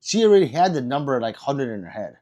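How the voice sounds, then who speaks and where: A man's voice: medium pitch, very animated, fast talker, darkish tone. A man hosting a casual livestream, reading viewer comments in a rambling, self-deprecating way with frequent restarts. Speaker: livestream host.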